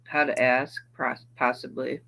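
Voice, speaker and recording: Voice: mid-range voice, level tone, a little slow, gravelly, bright, forceful tone, poor audio. A co-host on a live stream who talks hesitantly and keeps replies brief.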